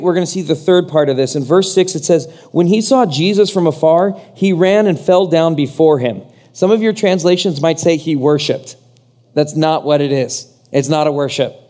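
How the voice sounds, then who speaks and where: A male pastor preaching a sermon in an animated way, acting out the voices he quotes. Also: fairly high pitch.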